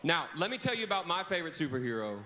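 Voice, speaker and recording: Lively man running a kids' church service on a handheld mic, slightly high voice, calls and repeats with the children. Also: racing, a little hiss or hum. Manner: animated, leads call-and-response with kids. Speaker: camp preacher. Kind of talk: children's sermon. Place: large church hall with children. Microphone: handheld microphone.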